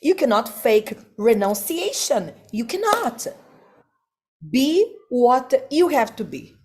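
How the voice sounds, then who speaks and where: Slow, emphatic woman giving a devotional class. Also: fairly high pitch, sing-song, a little mellow, a little hiss or hum. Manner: slow, emphatic, rhetorical questions, non-native phrasing. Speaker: spiritual teacher.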